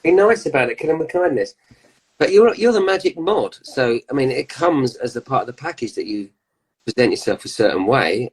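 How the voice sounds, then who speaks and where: A man's voice: medium pitch, lively intonation, fairly quick, breathy edge, low-quality recording. A man, a musician guest on a casual chat show, teasing wryly and slipping into funny voices. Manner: wry, teasing, does funny voices in asides.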